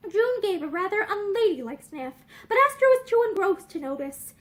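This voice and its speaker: A young woman reading a novel aloud with expressive storytelling narration. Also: very high voice, moderate pace, hardly any pauses. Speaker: reader. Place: indoor room with bookshelves.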